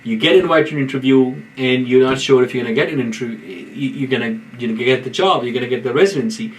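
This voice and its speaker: A man's voice: mid-range voice, quick pace, low-quality recording. A man, a neurologist, giving earnest, informal career advice in a video lecture and often restarting his phrases.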